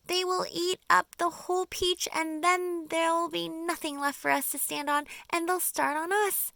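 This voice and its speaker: A woman's voice: a little high, very animated, slow, gravelly, no echo, clean studio sound, exaggerated voice. A woman voicing a distressed lady spider. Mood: despairing. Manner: pleading, distressed. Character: anxious female spider.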